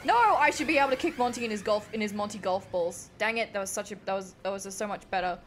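A woman's voice: mid-range voice, fast talker, hardly any pauses, a little hiss or hum. An Australian woman giving dramatic, exasperated let's-play commentary as a gaming streamer, swearing often.

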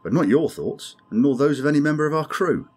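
A man's voice: on the high side, expressive, brisk, a little mellow, breathy edge, voice pushed up. A man voicing a grim, sardonic male alien crewman who speaks dryly and insistently. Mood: troubled. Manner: dry, insistent, ominous.

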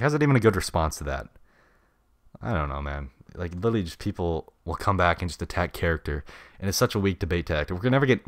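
A man hosting a casual solo podcast, blunt and slangy, swinging between loud opinionated bursts and mumbled asides. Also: deep voice, no room sound, clean studio sound. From United States. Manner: slangy and blunt, heavy on "dude" and "bruh". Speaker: podcast host.

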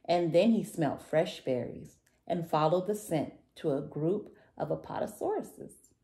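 A woman reading a picture book aloud to children, warm and sing-song. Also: low-pitched, unhurried. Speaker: children's story reader. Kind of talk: read-aloud storytelling for kids.

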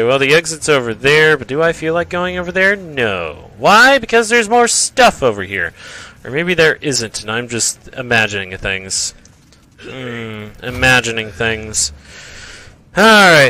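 A man casually commentating his own gameplay, rambling, joking and trash-talking the enemies, often repeating phrases in a drawn-out voice. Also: medium pitch, sharp tone. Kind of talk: casual let's-play commentary.

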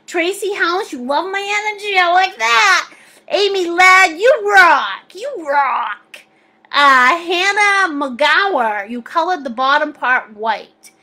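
A bubbly middle-aged woman with a very high, bright, forceful voice. She hosts a live painting class, reading viewers' comments aloud with frequent laughter. She calls everyone sweetie and honey. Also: takes it slowly. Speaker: art teacher hosting a live paint class.

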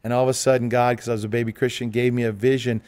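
A man's voice: medium pitch, level tone, racing, darkish tone, smooth, no echo. A man, a pastor co-hosting a church interview show, telling a personal story in an earnest, emphatic way. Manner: earnest, emphatic, talks over others. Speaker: pastor and co-host. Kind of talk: conversational storytelling.

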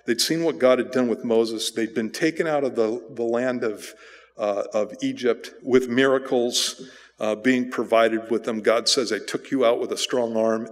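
Casual man preaching in a reverberant hall. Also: mid-range voice. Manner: casual, rambling with restarts and fillers. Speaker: pastor. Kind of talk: conversational sermon. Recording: church hall with long reverb.

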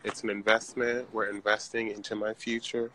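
A man's voice: lowish voice, little pitch movement, moderate pace, noisy background. A man, a drag performer, chatting casually and sassily to viewers on a live stream while shopping in a large craft store, talking into a handheld phone. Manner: chatty, sassy, addresses viewers as y'all.

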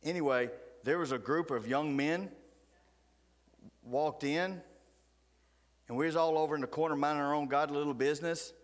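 A man's voice: a little high, moderate pace, pauses often. Fiery preacher man in reverberant church. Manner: folksy, fiery, swings between loud outbursts and hushed asides. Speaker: pastor. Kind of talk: animated storytelling sermon. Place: church sanctuary.

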